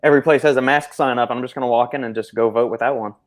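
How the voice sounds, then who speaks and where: A man's voice: mid-range voice, steady tone, rapid-fire. A man with a New Orleans accent, co-hosting a live podcast over a call, casual and profane. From New Orleans area. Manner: casual, profane, laughing easily. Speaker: podcast co-host. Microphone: remote call.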